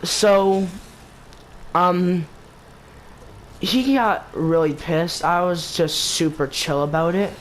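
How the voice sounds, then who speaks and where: A high-voiced man takes his time, leaving long pauses, on a rough recording with some hiss or hum. As a gaming channel host, he tells a rambling, casual story loaded with "like", "basically", and restarts.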